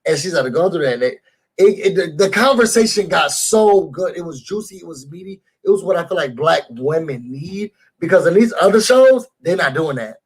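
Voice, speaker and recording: A man with a high-pitched voice rants through a reality-show recap. His tone is husky and a little raspy. He talks animatedly and speaks straight to his viewers. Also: expressive, normal speed. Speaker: YouTube show reviewer. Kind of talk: casual recap rant.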